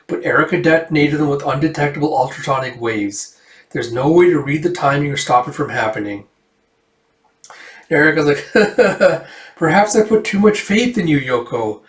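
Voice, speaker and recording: A man's voice: mid-range voice, fairly bright tone. Guy rambling thru a comic, lots of likes and uhs, roomy echo, mic kinda far. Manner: rambling, filler-heavy retelling. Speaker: comic reviewer. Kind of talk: casual comic read-through.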